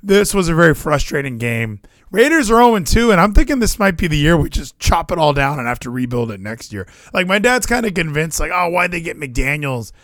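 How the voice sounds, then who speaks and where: A man's voice: fairly high pitch, brisk, hardly any pauses, no echo, studio quality. A young man, co-host of a podcast, talking about his football weekend in casual chat, swearing and restarting often. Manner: animated, swears, frequent fillers and restarts.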